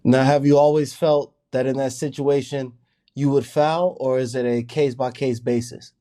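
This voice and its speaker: A man's voice: medium pitch, steady tone, normal speed, warm tone. A man co-hosting a casual basketball show, playful and teasing in his banter. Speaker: co-host.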